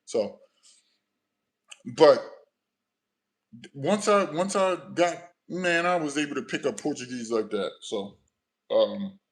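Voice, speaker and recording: High-voiced American man chatting on a livestream. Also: takes it slowly, pauses often, low-quality recording. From United States. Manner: animated storytelling, shifts often from low mumbles to loud bursts. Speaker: livestream host. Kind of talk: casual livestream chat.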